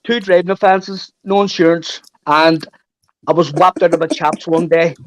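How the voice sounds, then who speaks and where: A man's voice: fairly high pitch, fairly even intonation, moderate pace, no echo, rough recording. A man in his forties in rowdy live-chat banter, teasing and repeating himself. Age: 40s.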